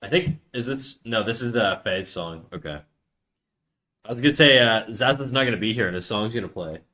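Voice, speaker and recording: A young man streaming live as he draws, chatting casually with his viewers and trailing off quietly while he concentrates. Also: fairly low pitch, lively intonation, brisk.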